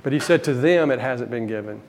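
A man preaching a Bible teaching sermon, emphatic, rising to stress key words and dropping low between them. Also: brisk, darkish tone, slight background noise.

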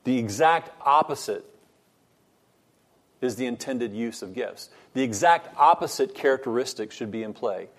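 Male Bible study teacher, mid-pitched, measured and earnest, leans on repetition for emphasis. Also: a little mellow.

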